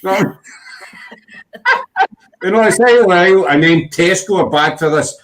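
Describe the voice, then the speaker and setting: A man's voice: high voice, slow pace, a bit bright, a little hiss or hum, rough recording. A man chatting casually as host, rambling through stories and saying "you know" a lot. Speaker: podcast host. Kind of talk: casual chat.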